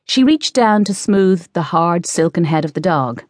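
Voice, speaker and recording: A woman reading a novel aloud as audiobook narrator, in measured scripted narration. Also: lowish voice, expressive, no echo, studio quality. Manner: measured storytelling.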